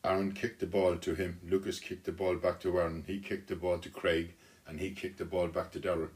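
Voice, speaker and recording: A man telling a children's story aloud, unhurried, with small restarts. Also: sits low, flat delivery.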